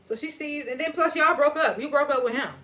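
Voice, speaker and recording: A woman's voice: sits high, brisk. A woman recaps a TV episode in a loose, conversational way. She talks in slang, reacts as she goes and slips into the characters' lines to act them out. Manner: animated, slangy storytelling that acts out quotes. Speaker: TV episode reviewer.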